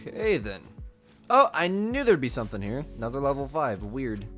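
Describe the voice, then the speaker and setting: A man's voice: mid-range voice, big pitch swings, moderate pace, over music. A man streaming a hunting game live, chatting casually and answering viewers' messages aloud while coughing a bit. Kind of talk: live gameplay commentary.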